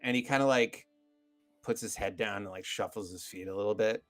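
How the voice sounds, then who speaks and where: A man's voice: lowish voice, brisk, fairly bright tone, faint music behind. Hesitant man narrating as game master. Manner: loose, hesitant with many fillers.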